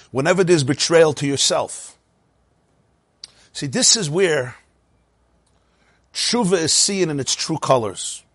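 A middle-aged man giving a Torah lecture, animated, often asking rhetorical questions and repeating words as he explains. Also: a little high, breathy edge, no room sound. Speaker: teacher of Torah.

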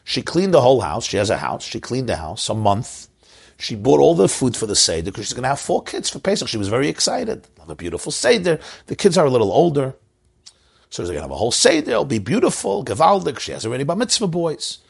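A man's voice: medium pitch, huge pitch swings, fast, creaky, breathy edge. A man, a rabbi from Crown Heights, telling an emotional story in a sermon and mixing in Yiddish and Hebrew words. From Crown Heights, Brooklyn.

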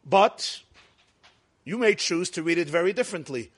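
High-voiced man lecturing a class. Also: lively intonation, moderate pace, pauses often. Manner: asks the class questions and answers them himself, jokes with them. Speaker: rabbi teaching a class.

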